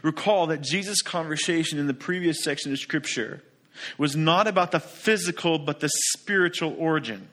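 Emphatic preacher man, slightly high voice. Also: normal speed, fairly bright tone. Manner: emphatic, full of rhetorical questions. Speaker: pastor. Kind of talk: sermon.

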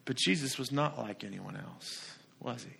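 A man preaching a sermon as pastor, emphatic and full of rhetorical questions, swinging between loud declaration and soft asides. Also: mid-range voice, moderate pace, gravelly, breathy edge.

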